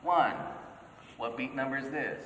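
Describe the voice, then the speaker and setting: A man's voice: mid-range voice, measured pace, noisy background. A man teaching a note-reading class in a church, patiently counting beats aloud and checking that everyone follows. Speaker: music teacher. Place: church hall. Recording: echoey church hall from far off.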